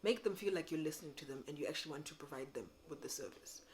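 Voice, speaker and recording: Animated lady vlogger, slightly low voice, faint background hiss. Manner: animated and sassy, acts out customers in quick put-on voices. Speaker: vlogger giving business advice. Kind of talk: casual advice talk to camera.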